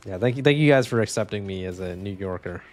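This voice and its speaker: A man's voice: deep voice, animated, fast talker, darkish tone, soft background music. A young man talking casually while playing a video game, joking, rambling and swearing freely. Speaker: gaming streamer. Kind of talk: casual gameplay commentary.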